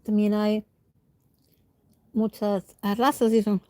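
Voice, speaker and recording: A woman's voice: mid-range voice, little pitch movement, measured pace, dark tone, no room sound. A woman livestreamer with a stuffy nose, chatting casually with viewers while she eats and answering their comments. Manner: chats while eating, talking with food in her mouth.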